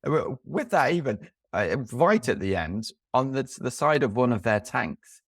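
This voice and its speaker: A man's voice: mid-range voice, sing-song, normal speed, a bit bright, no room sound, clean studio sound. A man co-hosting a casual film podcast, rambling with many restarts and fillers. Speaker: podcast co-host.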